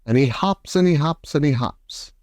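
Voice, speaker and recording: A man plays a bright, welcoming young boy from a storybook who chants rhyming verse. The voice is lifted above the reader's own. It sounds dry and close. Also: fairly high pitch, lively intonation, normal speed, dry recording, natural voice. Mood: reciting. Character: cheerful young boy, friendly and eager.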